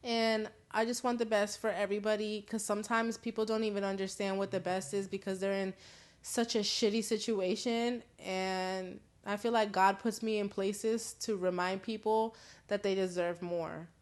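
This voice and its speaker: A woman's voice: medium pitch, level tone, moderate pace. A young woman hosts a casual call-in live stream in her own voice. She talks openly and swears freely, with frequent laughs between thoughts. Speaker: host.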